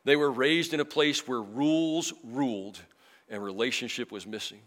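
A middle-aged man preaching a sermon in church, emotional, moving from loud emphasis to soft, slow passages. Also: mid-range voice. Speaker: pastor.

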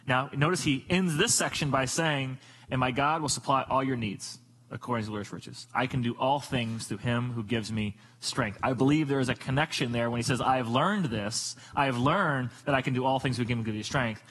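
A middle-aged man preaching a sermon in an animated, joking storytelling manner. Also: normal speed, slightly rough, low-quality recording. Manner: animated, jokey storytelling with sudden pitch jumps. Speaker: pastor.

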